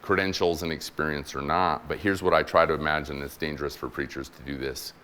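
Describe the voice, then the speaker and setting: A man's voice: very deep voice, steady tone, brisk, pushed and bright, clear, resonant tone. A man in his forties, a military chaplain, giving a conversational, humorous sermon to a church congregation and acting out the people in his stories. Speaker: guest preacher, military chaplain.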